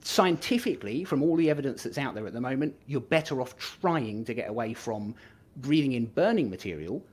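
A man's voice: medium pitch, lively intonation, a little fast, darkish tone, breathy edge. A man, a podcast guest in casual chat who rambles, restarts and chuckles as he talks. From England. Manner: rambling, self-interrupting, chuckling.

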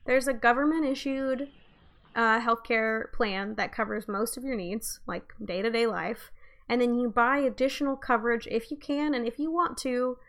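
A young woman chats on a podcast with a gravelly edge to her fairly high voice. She talks bluntly and casually, dropping swear words without fuss. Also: fairly even intonation, normal speed, a bit bright. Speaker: podcast co-host. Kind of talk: casual chat.

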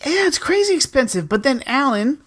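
A woman's voice: high voice, very animated, brisk, fairly bright tone. A woman co-hosting a podcast in casual chat, complaining and swearing with sarcastic humor. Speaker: podcast co-host.

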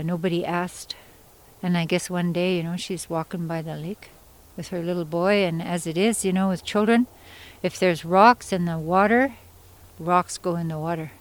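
A woman storyteller from Yukon, Canada, telling a traditional story in an unhurried, conversational way with pauses and asides. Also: on the low side, low-quality recording. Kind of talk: oral storytelling.

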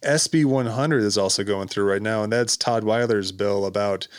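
A man's voice: lowish voice, normal speed, clean tone, dry recording, clean studio sound. A man co-hosting a podcast who speaks in an exasperated, sarcastic way. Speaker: podcast co-host. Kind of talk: casual political chat.

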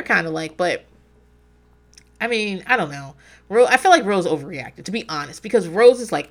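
This woman in her forties hosts a laid-back podcast recapping a reality show, wandering off on tangents, swearing, and laughing at herself. Her pitch sits fairly low, her intonation is lively, and her tone is fairly bright, delivered at a normal speed.

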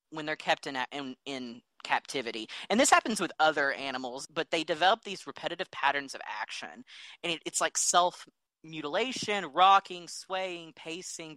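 A man with a bright, forward voice co-hosts a podcast. He explains things earnestly in a casual chat, and the recording is dry and close. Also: on the high side, no room sound, low-quality recording. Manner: earnest, explanatory, talks through facts. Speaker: podcast co-host.

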